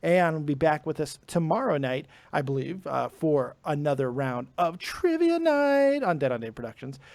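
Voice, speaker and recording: A male podcast host who talks in a blunt, casual way and swears a lot. His voice sits a little high. The sound is dry and close, with little room echo. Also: moderate pace, vocal fry, a little mellow. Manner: blunt and profane, wrapping up the show. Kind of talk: casual chat.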